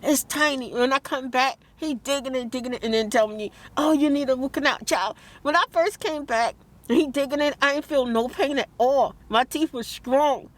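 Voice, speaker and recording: A high-voiced woman vlogs in a heated, emotional rant. She talks fast and gets tearful, breaking off to quote other people. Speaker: vlogger.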